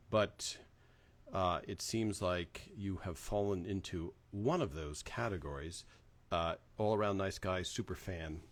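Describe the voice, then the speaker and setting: A man hosting a laid-back fan livestream greets his viewers by name and chats loosely, filling his talk with fillers. He speaks in a fairly low-pitched, fairly bright voice from his home in Southern California.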